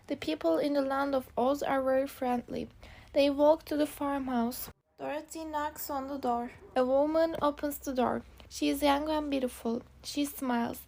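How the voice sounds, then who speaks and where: A woman's voice: sits high, fairly even intonation, unhurried, vocal fry, darkish tone. A woman reading a simple storybook aloud for English learners, in short, careful sentences. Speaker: narrator. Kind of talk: graded reader narration for learners.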